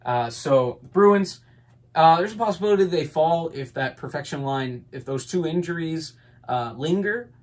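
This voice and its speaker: A man's voice: on the high side, animated, moderate pace, a little mellow. Chatty man with casual hockey takes. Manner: rambling, filler-heavy, upbeat opinions. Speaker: podcast host. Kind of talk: casual sports talk.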